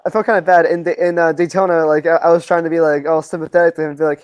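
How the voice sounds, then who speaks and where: Fast-stammering young podcast guy. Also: on the high side, flat delivery, darkish tone, no echo. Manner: fast, stammering, many restarts. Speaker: podcast co-host. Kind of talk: casual chat.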